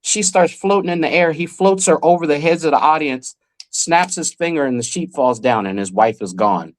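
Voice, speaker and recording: A man, a magician, telling a lively story in a podcast interview and acting out the people he quotes. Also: a little high, moderate pace. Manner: animated storyteller who acts out the people he quotes. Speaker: magician guest.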